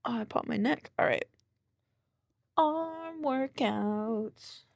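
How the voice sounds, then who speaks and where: A woman's voice: a little high, takes it slowly, creaky, dry recording, clean studio sound. Sleepy, laid-back young woman streamer. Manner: sleepy, laid-back, chatting while counting exercise reps. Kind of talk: casual chat with live chat.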